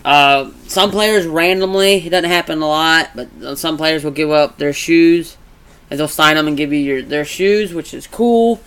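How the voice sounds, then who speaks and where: A man casually chatting in a vlog, rambling with restarts and growing animated as he retells stories. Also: fairly high pitch, a little slow, clear, resonant tone. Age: adult. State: congested from allergies. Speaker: vlogger. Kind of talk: casual chat.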